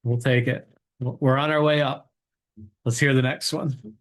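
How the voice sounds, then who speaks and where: Give me a middle-aged male host reading jokes in a relaxed, upbeat way, at a medium pitch. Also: moderate pace. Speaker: podcast host. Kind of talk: casual chat reading jokes. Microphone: table mic set away from the speakers.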